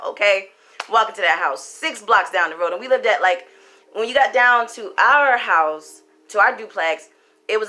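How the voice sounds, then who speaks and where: Sassy, animated woman telling a story. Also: fairly high pitch. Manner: animated, sassy, talks to the viewer directly. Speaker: storyteller and spiritual reader. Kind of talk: casual storytime monologue. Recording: faint background music.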